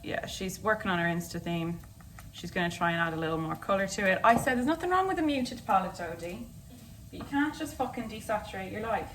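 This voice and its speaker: A woman's voice: medium pitch, expressive, brisk, a bit bright. A young woman hosting a casual, jokey vlog chat while cooking in her kitchen. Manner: chatty, jokey, rambling. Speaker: vlogger host. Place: home kitchen. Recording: distant camera mic with noise.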